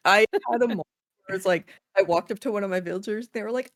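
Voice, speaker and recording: A woman co-hosting a casual podcast chat, telling animated stories with squeaky acted-out voices, casual swearing and frequent laughs. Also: fast, dry recording, clean studio sound. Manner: animated storytelling, acts out villagers in high squeals. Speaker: podcast co-host.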